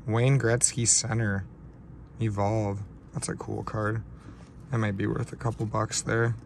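A man with a lowish voice unboxes trading cards on camera and speaks in an unhurried, low-key drawl, sounding shaky with excitement. His commentary is recorded on a camera mic at a table, with a faint hiss of room noise behind it. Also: gravelly. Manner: slow, low-key talk between excited outbursts. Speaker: card-breaking channel host. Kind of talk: casual card-opening vlog.

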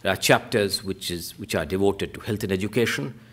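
A man giving a measured, formal panel talk in a lecture theatre, pushing up on key points and trailing off low at the ends of sentences. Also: a bit bright. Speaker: panel speaker.

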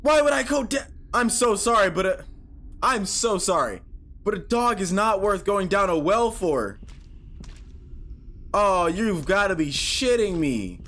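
A man's voice: high voice, lively intonation, measured pace. A man giving horror game commentary, talking to himself, swearing, and yelping when startled. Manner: jumpy, talks to himself, swears, yelps and shouts when startled. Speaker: gaming YouTuber.

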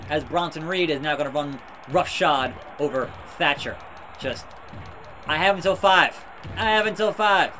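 A man giving casual, excitable commentary over a wrestling video game, swinging between loud outbursts and muttered asides. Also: fairly high pitch, slight background noise. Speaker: gaming YouTuber.

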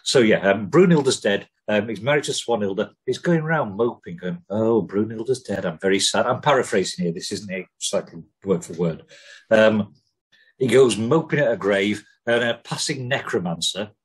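A man's voice: on the low side, lively intonation, moderate pace, slightly rough, low-quality recording. A man co-hosting a podcast, rambling and joking with lots of swearing and ums. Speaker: podcast co-host. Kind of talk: casual chat.

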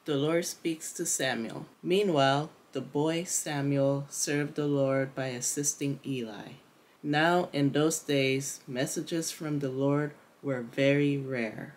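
A woman narrating a Bible chapter as a storybook reading, carefully and aloud. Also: low-pitched.

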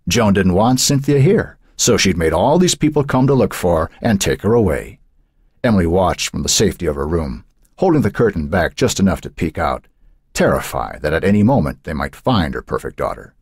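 A man narrating a horror novel in a measured, dramatic way. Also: deep voice, big pitch swings, husky, dry recording, studio quality. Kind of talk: audiobook narration.

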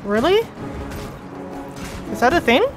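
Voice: sits high, sing-song, slow. A player chatting casually during a game, laughing often and teasing their partner, with game music behind. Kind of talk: casual gameplay chat.

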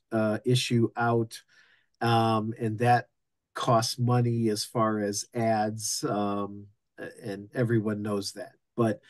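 A man, a union local president, giving town hall remarks haltingly, with many ums and restarts. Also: medium pitch, darkish tone.

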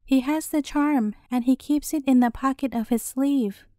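A woman's voice: high voice, moderate pace, mellow, no echo, studio quality, close to an everyday voice. Woman putting on a squealing clever rat. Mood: scheming. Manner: bossy, squealing.

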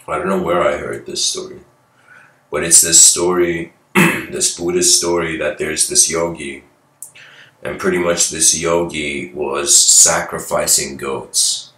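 Low-voiced male spiritual lecturer, bright forceful tone, relaxed storytelling, roomy echo. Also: slow pace. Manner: loose, conversational storytelling with asides to listeners. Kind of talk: casual spiritual talk.

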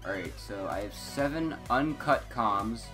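A teenage boy rambling through casual gaming commentary, scattered and self-interrupting, excitable, on a headset mic. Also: fairly low pitch, measured pace, music in the background. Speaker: gaming YouTuber.

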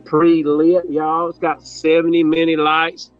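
A man's voice: a little high, monotone, a little slow. A man running a live online auction, folksy and repetitive, hyping each item and urging bids. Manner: repetitive, folksy hype, says y'all. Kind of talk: live auction sales pitch. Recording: dull lo-fi audio with faint music.

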